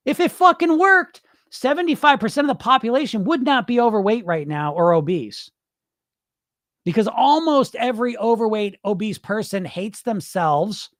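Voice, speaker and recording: A man's voice: high voice, dry recording, clean studio sound. A man coaching on weight loss in a livestream, answering chat in a blunt, profane, fired-up way.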